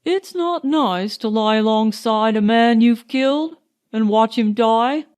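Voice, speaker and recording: A woman's voice: fairly high pitch, unhurried, darkish tone, clean tone, close to an everyday voice. A woman voicing a young British army officer who talks dreamily and earnestly. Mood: somber.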